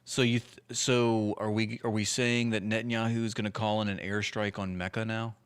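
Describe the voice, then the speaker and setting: A man's voice: lowish voice, flat delivery, normal speed, smooth. A man streaming and commenting on clips in a casual, wry, joking way.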